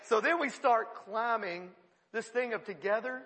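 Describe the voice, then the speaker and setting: A man preaching a sermon, telling a funny story in an animated way and often laughing mid-sentence. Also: high-pitched, moderate pace, in a large hall. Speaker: pastor.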